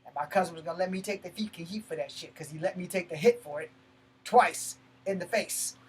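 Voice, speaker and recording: A man's voice: high voice, brisk, breathy edge, poor audio. Blunt, profane male storyteller. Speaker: martial arts channel host. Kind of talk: personal story told to camera.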